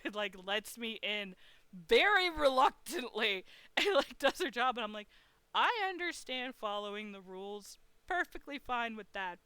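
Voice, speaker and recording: A woman casually telling a story while streaming, animated, laughing and swearing as she goes. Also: on the high side, clean tone, no room sound.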